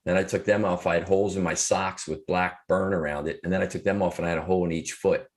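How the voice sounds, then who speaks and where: A man's voice: low voice, fairly even intonation. A man in his fifties, an author and speaker, earnestly telling a personal story in an interview, with frequent restarts. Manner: earnest, reflective, halting with restarts.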